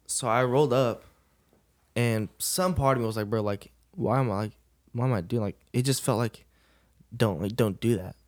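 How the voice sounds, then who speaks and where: A man's voice: medium pitch, moderate pace. A young man, a podcast guest, telling a personal story in a casual, laid-back way, often laughing and saying "bro".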